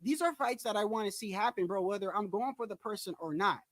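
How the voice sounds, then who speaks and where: A man's voice: high-pitched, lively intonation, quick pace, fairly bright tone, dry recording. Blunt, emphatic man ranting about boxing. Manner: emphatic, repetitive, blunt and profane; addresses viewers directly, often says "bro". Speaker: boxing channel host. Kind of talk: casual boxing commentary rant.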